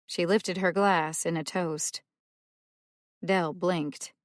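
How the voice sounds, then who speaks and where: A woman reading a mystery audiobook as narrator, in a slow, even manner. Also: lowish voice, dry recording, clean studio sound. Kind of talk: scripted narration.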